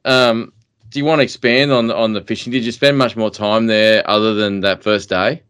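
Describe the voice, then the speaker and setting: A man's voice: fairly low pitch, little pitch movement, normal speed, a bit bright, clear, resonant tone, no echo, clean studio sound. A man, chatting casually on a podcast, musing aloud and calling his co-host mate. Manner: musing, calls people mate. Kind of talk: casual chat.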